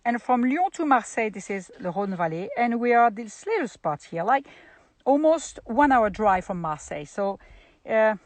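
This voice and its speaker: A woman with a French accent giving a casual video tour of her vineyard, speaking haltingly with many fillers and restarts. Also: fairly high pitch, lively intonation, dry recording. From France. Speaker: winemaker. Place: outdoors at a vineyard.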